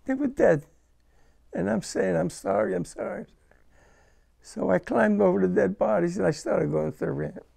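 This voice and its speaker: An older man, a war veteran being interviewed, recalling his experiences in a halting, emotional way and repeating words. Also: sits high, creaky, dark tone. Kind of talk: first-person war recollection.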